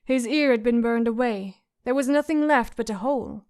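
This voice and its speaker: Woman reading an audiobook, steady and measured, kinda high voice. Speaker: audiobook narrator. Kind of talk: scripted narration.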